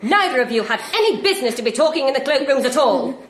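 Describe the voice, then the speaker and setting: A firm young headmistress in a radio play. She is commanding and clear, with a fairly high voice that settles into a gentle, calming tone. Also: fast, slight background noise. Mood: stern. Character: stern but kind young headmistress. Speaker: headmistress character. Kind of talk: BBC radio drama acting.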